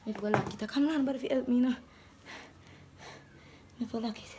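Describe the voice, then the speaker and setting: Young Jamaican woman, slightly high voice, playful, animated vlog host. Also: fast talker, background noise. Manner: playful, animated, slips into patois. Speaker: vlogger. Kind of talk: casual vlog chat to camera.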